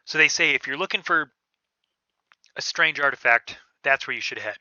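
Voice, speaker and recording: A man narrating a tabletop game as game master, in a casual, halting way with many fillers. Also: medium pitch, bright, forceful tone, dry recording. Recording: dull, lo-fi podcast audio.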